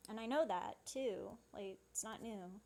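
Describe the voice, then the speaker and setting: A woman's voice: mid-range voice, measured pace, darkish tone, natural voice. A woman reading out the lines of an anxious young woman lost in a dream world, wistful and self-doubting.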